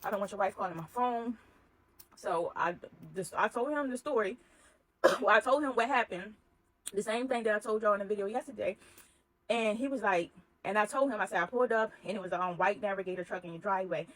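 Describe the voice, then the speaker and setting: Woman spilling a story fast, slightly raspy voice, acts out all the dialogue. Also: medium pitch, low-quality recording. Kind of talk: casual storytelling.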